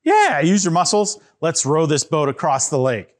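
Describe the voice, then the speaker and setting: A man telling a Bible story to children, animated and getting them to act parts out and answer questions. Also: fairly high pitch, moderate pace. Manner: animated, asks kids to join in with actions.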